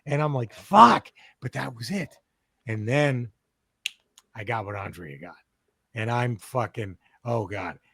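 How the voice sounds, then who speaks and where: A man co-hosting a podcast, telling a story in a casual, profane, animated way. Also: mid-range voice, a little slow, pauses often, breathy edge, no echo. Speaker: podcast co-host. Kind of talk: casual chat.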